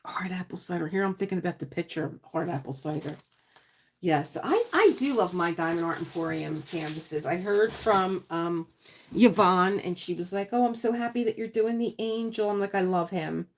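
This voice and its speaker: Hosting a relaxed diamond painting livestream, this middle-aged woman talks in a chatty, rambling way and frequently drifts off searching for the right word. She speaks at a moderate pace in a lowish, expressive voice, with a slight hiss or hum in the audio.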